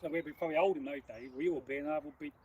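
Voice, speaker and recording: A man's voice: fairly high pitch, fairly even intonation, very fast, darkish tone. A man in his forties from England hosting a casual livestream, rambling and self-correcting as he tells stories. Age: 40s. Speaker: host.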